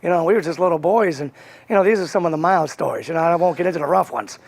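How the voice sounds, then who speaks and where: Gravelly-voiced man telling his story. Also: a little high. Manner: halting, many fillers and restarts. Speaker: interview guest. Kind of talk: candid interview storytelling.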